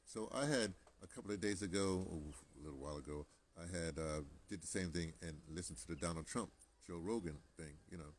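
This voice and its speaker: A man's voice: low-pitched, fairly quick, few pauses, slight background noise. An American man talking to camera in a rambling, casual monologue, chatty and digressive, with many restarts and asides. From United States. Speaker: vlogger.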